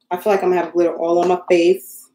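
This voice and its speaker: A woman's voice: on the low side, level tone, moderate pace, dark tone. A young woman hosting a casual live stream, flustered and joking at her own expense as she crafts and talks to viewers in her home craft room. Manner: joking, self-mocking. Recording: roomy echo.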